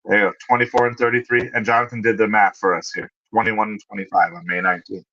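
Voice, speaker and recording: A man's voice: on the low side, level tone, pushed and bright, dull audio. A man hosting a casual livestream, answering viewers' questions in a conversational way and thinking aloud as he looks things up. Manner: conversational, thinks aloud, pauses with fillers while looking things up. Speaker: livestream host.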